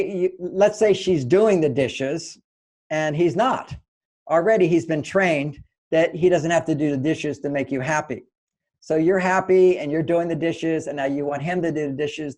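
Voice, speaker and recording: A man's voice: on the high side, normal speed, a little mellow. An older man giving relationship advice in an interview, explaining steps and acting out both partners in quoted dialogue. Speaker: relationship author and guest.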